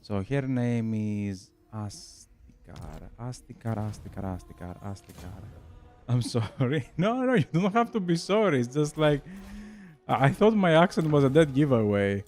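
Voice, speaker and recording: A man's voice: medium pitch, very animated, moderate pace, a little mellow, faint music behind. Chatty Greek-accented man streaming a game. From Greece. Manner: chatty, laughs often, addresses chat as "bro". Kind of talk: casual chat while gaming.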